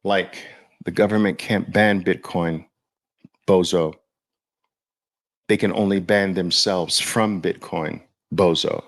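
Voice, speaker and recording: A man's voice: sits low, fairly even intonation, slow pace, pauses often. A man hosting a podcast in casual livestream talk, chatting loosely and speaking straight to his viewers. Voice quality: gravelly. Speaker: podcast host.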